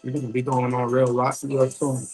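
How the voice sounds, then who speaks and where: A man's voice: mid-range voice, completely flat delivery, moderate pace, a little mellow, soft background music, low-quality recording. A man hosting a livestream, chatting loosely with viewers while waiting to start an interview. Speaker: livestream host. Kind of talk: casual livestream chat.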